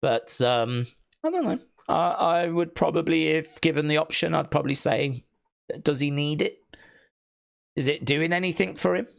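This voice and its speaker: A man's voice: on the high side, moderate pace, vocal fry. A man hosting a live wrestling watch-along, rambling and hesitant as he answers chat questions. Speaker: live stream host. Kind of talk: casual watch-along commentary.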